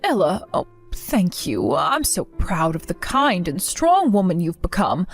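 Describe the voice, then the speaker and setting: A woman playing a gentle, comforting mother. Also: fairly low pitch, big pitch swings, unhurried, faint music behind, exaggerated voice. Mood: reassuring. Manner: gentle, reassuring. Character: warm, steady middle-aged mother, comforting and resilient.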